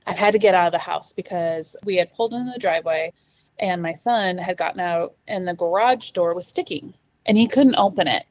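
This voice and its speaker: A middle-aged woman, a podcast guest, telling her story in a casual, animated way, acting out the voices she quotes, with lots of fillers. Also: lowish voice, a little fast, no echo.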